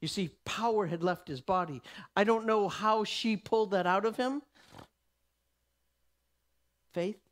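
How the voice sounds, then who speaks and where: A man's voice: high voice, normal speed, a bit bright. A man teaching a sermon emphatically, often restarting his sentences. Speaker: Bible teacher.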